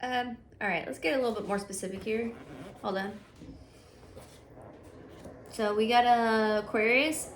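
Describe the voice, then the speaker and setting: A woman's voice: a little high, fairly even intonation, a little slow, pauses often, slight background noise. A woman giving a casual, chatty tarot reading, thinking aloud with frequent fillers and restarts. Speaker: tarot reader.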